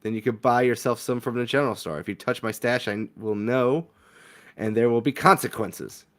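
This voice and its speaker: A blunt, grumpy young woman from a story game, read out by a man in a plain mid-range voice. She brushes off every complaint with flat dismissal. Her delivery is clipped and impatient. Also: mid-range voice, moderate pace, natural voice. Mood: curt.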